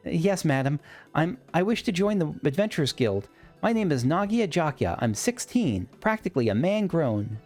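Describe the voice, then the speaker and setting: A man's voice: a little high, very animated, moderate pace, a little mellow, soft background music, pitched above the performer's own voice. Man doing an eager teen boy adventurer. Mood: nervous. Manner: eager, polite, nervous. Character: earnest sixteen-year-old boy, an eager aspiring adventurer. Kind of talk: reading game dialogue aloud.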